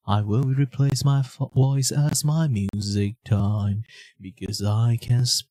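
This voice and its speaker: During a live art stream, a man chats casually, rambling and half-singing his words in a slow, drawn-out way. His voice is mid-range and warm, with no echo.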